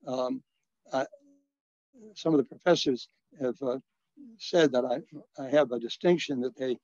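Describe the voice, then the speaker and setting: Elderly priest recalling, dull dry recording. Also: male voice, mid-range voice, no echo. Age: 80s. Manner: halting storyteller, frequent restarts and soft chuckles. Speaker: retired Catholic priest and social worker. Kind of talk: reminiscing in an interview.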